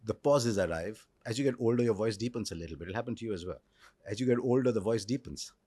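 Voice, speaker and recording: A man in his sixties with an Indian English accent, telling stories in a reflective interview with measured pauses. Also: fairly low pitch, animated, dark tone, slightly rough, dry recording. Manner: articulate storyteller, measured pauses. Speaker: cricket commentator, interview guest.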